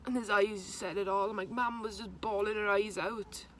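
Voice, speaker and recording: A young woman, haltingly retelling a personal story to camera, with many restarts. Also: medium pitch, steady tone, a bit bright, a little hiss or hum. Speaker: vlogger.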